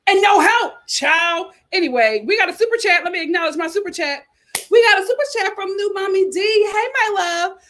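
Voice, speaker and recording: A woman hosting a reality TV commentary livestream, sassy and animated, reading viewer super chats aloud. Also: extremely high pitch, brisk.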